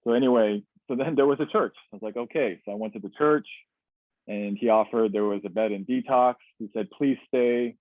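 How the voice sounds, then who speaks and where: A man's voice: on the low side, a little fast, no room sound. A man telling a personal story as a webinar guest, candid and reflective, with many fillers and restarts. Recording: tinny dry webinar audio.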